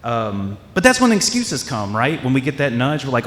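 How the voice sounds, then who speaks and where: A male pastor preaching a casual, chatty sermon, slipping into quoted voices and stopping to restart his thoughts. His voice sits at an ordinary middle pitch, and the church sanctuary gives it a roomy echo with a long reverb tail. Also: huge pitch swings, normal speed, fairly bright tone. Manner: conversational, acts out quoted voices, many restarts. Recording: echoey hall with long reverb.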